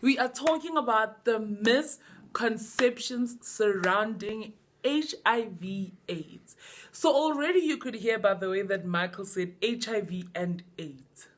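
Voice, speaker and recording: A woman's voice: medium pitch, a little slow. A young South African woman hosting a casual vlog chat, bubbly and laughing often, jumping in over her guests. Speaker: vlog host.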